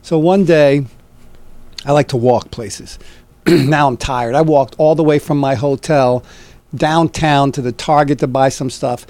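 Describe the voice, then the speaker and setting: A man's voice: fairly high pitch, unhurried, no room sound. A middle-aged man, an actor, telling a long anecdote in a casual interview and acting out the people he quotes. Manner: animated anecdote teller, acts out quoted voices. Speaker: actor guest.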